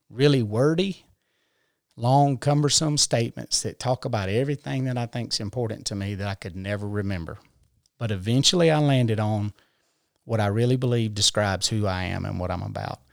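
A man's voice: mid-range voice, no echo, studio quality. A man talking in a casual conversation, explaining his ideas earnestly, step by step, with everyday examples. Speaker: podcast guest. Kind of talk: casual conversation about personal growth.

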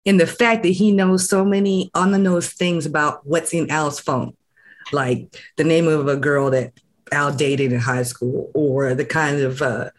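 A speaker with a voice of middle pitch chats casually on a podcast and recaps a story in a relaxed, running way. The talk is full of "um," "like" and small restarts. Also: unhurried. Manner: chatty, recapping an episode with fillers and restarts. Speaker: podcast co-host or guest.

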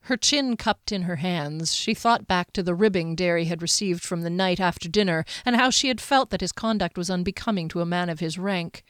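A woman narrating a fantasy audiobook in a measured, even storytelling manner. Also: on the low side, clean tone, no room sound, studio quality.

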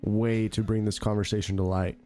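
A man's voice: lowish voice, flat delivery, brisk, warm tone, faint music behind. A young married man co-hosting a podcast, talking casually with hesitations and some swearing. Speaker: podcast co-host. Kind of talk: casual chat.

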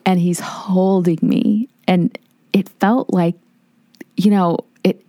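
An earnest woman in her fifties shares her testimony as a guest in an interview, slipping into the voices of people she quotes. Her voice sits a little low, and the sound is close and dry. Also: steady tone, slow, dark tone, no room sound. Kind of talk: personal testimony in a podcast interview.

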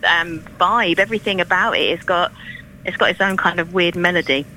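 A folk singer-songwriter in her thirties, from Ireland but raised in East London with a London English accent, chats casually as a radio guest, full of ums and restarts. Her voice is lowish, a little fast, and sharp, and the poor audio has slight background noise.

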